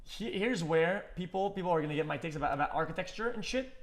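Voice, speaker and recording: A man streaming himself reacting to a video, giving blunt, crude, rapid-fire opinions full of swearing. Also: on the high side, animated. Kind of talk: profane reaction commentary.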